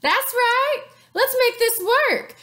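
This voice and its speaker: A smug, power-hungry Roman ruler brags about himself and sweet-talks his allies, as a woman puts him on. The voice sits high and swings widely in pitch, boastful and pleased with itself. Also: expressive, slow, bright, forceful tone, exaggerated voice. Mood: smooth-talking. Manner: boastful, flirty, self-satisfied.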